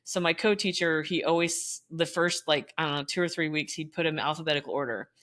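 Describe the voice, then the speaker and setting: A woman's voice: low-pitched, fast. A woman, a former teacher, telling a school story in casual chat and acting out the people she quotes. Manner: animated, acts out quoted voices, laughs while telling.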